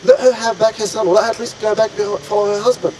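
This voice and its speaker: A man's voice: a little high, steady tone, a little fast, darkish tone, slight background noise, close to an everyday voice, low-quality recording. A man voicing a kindly, protective man in a retold story who urgently appeals for mercy. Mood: urging.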